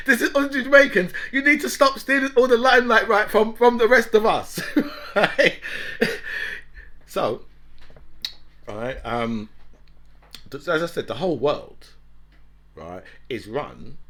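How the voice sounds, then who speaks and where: A talk show host with a high, sharp-toned voice delivers a casual, rambling monologue. He laughs often and keeps tacking "right?" onto the ends of his sentences.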